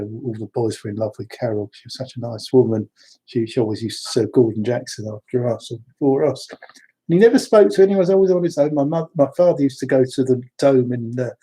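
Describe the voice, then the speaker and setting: A man's voice: mid-range voice, warm tone, slightly rough. A man from London, chatting through wandering personal stories with frequent restarts. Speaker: storyteller. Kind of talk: rambling personal anecdotes.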